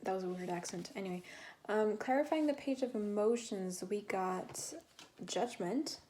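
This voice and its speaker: Woman, tarot reader, casual rambling chat, mid pitch, faint background noise. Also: normal speed, warm tone. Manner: chatty, rambling, many fillers and restarts. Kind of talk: casual tarot reading to camera.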